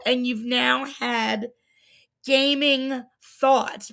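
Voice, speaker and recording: A woman's voice: high voice, vocal fry, fairly bright tone. A woman hosting a casual TV recap livestream, chatting enthusiastically with easy laughs. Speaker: recap show host. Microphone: livestream desk mic.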